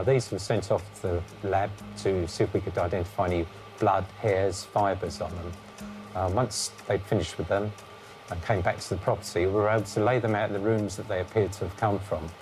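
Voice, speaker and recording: Low-voiced forensic investigator. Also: male voice, darkish tone. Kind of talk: documentary interview.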